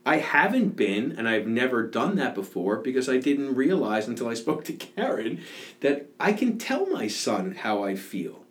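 A man's voice: medium pitch, very animated, moderate pace. A man in his thirties, a father and fire captain, telling emotional stories in an earnest podcast conversation. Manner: emotional, earnest storytelling with laughs.

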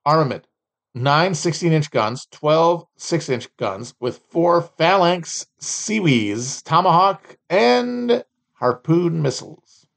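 Male podcast host, slightly higher voice, sardonic and profane, rambling solo commentary. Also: lively intonation, slow, creaky, fairly bright tone. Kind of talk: solo live commentary, reading and mocking trading cards.

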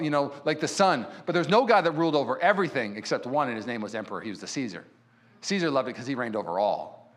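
Male pastor, high voice, animated sermon storyteller in a church. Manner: animated storyteller who acts out quotes.

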